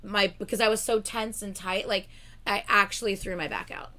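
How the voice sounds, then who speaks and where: Chatting casually as a livestream co-host, this young woman rambles, leans on "like" constantly, and laughs between lines. She keeps a steady tone at medium pitch and a moderate pace, her voice pushed and bright.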